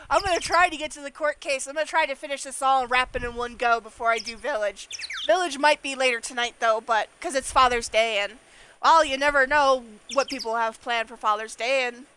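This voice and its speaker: A woman's voice: sits high, brisk, pushed and bright, a little hiss or hum. A woman streamer chatting casually and giggling while playing through a game. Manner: chatty, giggly, talks to chat. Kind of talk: casual let's-play commentary.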